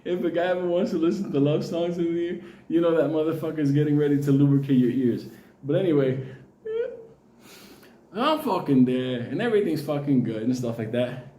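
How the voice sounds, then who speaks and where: A man's voice: a little high, brisk, warm tone, echoey room. A Puerto Rican man telling a long personal story in a casual, profane way, often laughing.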